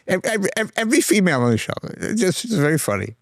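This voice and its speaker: Older man, lively chatty storyteller. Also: high-pitched, quick pace, creaky, no echo, studio quality. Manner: anecdotal, mimics voices in his stories, stammers and restarts. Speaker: guest. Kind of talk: casual storytelling interview.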